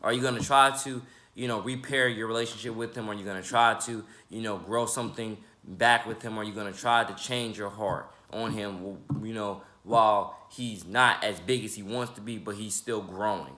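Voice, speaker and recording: A young man in his twenties talks loosely to his viewers in a deep voice. His tone has a bright, forward edge, and he rambles, trips over his words and fills gaps with ums and repeats. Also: steady tone, moderate pace, hardly any pauses. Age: 20s. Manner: rambling, stumbles and repeats words, many fillers. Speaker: independent rapper and YouTuber. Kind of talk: casual vlog talk to the camera.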